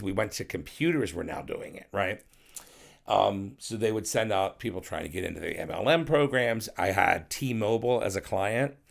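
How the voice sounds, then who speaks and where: Gravelly middle-aged man telling stories. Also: lowish voice. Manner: profane, rambling storyteller who acts out others' voices. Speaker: podcast guest. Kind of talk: casual storytelling interview.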